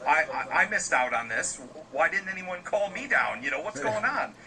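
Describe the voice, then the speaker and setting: Self-pitying young outcast boy, pleading and stammering, pitched up, played by a man telling the story. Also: very animated, normal speed, crowd noise, poor audio.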